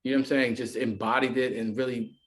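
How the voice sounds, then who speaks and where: Man, podcast guest, mid-pitched, rambling and filler-heavy, casual. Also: level tone, fast. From United States. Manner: rambling, filler-heavy, often acts out quoted voices.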